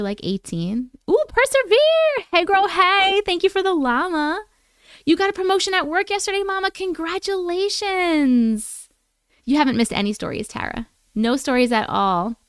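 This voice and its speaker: A woman's voice: very high voice, fairly bright tone, no room sound, studio quality. A woman hosting a casual livestream, chatting and greeting viewers by name in a bubbly way. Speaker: livestream host. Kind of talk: casual chat reading live comments.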